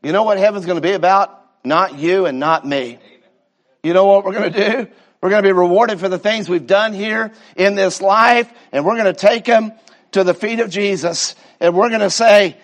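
A man preaching a sermon with fervor, drawing out his repetitions and stumbling into restarts. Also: high-pitched. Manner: fervent preaching, slow drawn-out repetitions, stammering restarts.

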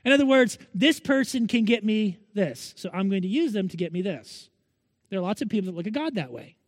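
A man's voice: sits high, very animated, fairly quick, dry recording, big-room sound. A male pastor preaching a Sunday sermon in an earnest manner, pressing his listeners with repeated rhetorical questions.

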